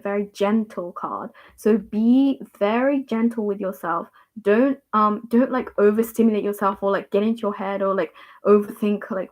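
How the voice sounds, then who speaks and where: Young woman doing tarot on a stream, mid pitch, lots of likes and ums, soft and reassuring, just chatting. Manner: rambling, many fillers and repeats, gentle reassuring. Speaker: livestream tarot reader. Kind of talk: casual livestream chat with tarot reading.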